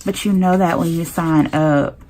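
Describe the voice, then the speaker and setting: A woman's voice: fairly low pitch, normal speed. A young woman, ranting to her viewers in a casual, chatty way while she plans her week. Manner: animated, talks straight to viewers with southern-style slang. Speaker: planner vlogger.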